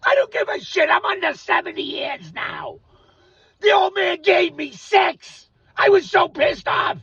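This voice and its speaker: A raspy older man rants to camera, cursing freely and swinging between shouts and mutters. His voice sits high and bright with a gravelly edge. The lo-fi recording is dull and picked up from a distance. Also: sing-song, measured pace. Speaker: vlogger. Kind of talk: ranting monologue to camera.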